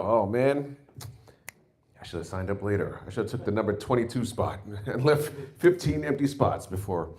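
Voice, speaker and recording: A man in his forties doing an open-mic stand-up set, rambling and profane, telling stories with lots of restarts. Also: lowish voice. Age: 40s. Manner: profane, rambling, animated storytelling. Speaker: stand-up comedian.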